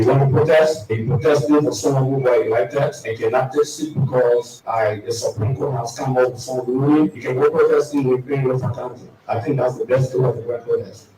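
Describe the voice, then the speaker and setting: A man's voice: mid-range voice, steady tone, brisk, hardly any pauses, noisy background. A man speaks at a press briefing, emphatic, repeating his key points with many uh fillers. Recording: echoey room from a distance.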